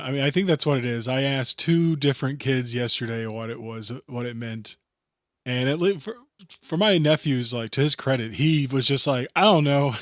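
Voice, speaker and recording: A man's voice: mid-range voice, no echo, studio quality. A man co-hosting a podcast, talking in a goofy, playful, casual way. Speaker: podcast co-host. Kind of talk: casual chat.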